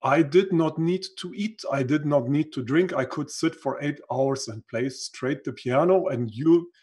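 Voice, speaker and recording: Husky, earnest man telling his story. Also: on the high side, unhurried, a little mellow. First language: not English. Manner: reflective, earnest, searches for words. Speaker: guest. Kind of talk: conversational storytelling.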